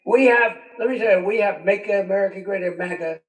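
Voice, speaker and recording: A fast, high-pitched older politician rambles and circles back on himself in a rally speech full of asides. It's a big venue with a crowd, captured distantly with a roomy sound.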